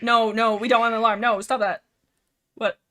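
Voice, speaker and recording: A young woman hosting a casual livestream, rambling excitedly about books and filling her talk with "like". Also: a little high, normal speed, faint music behind. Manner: rambling, excitable, lots of filler likes. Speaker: livestream host. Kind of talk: casual livestream book discussion.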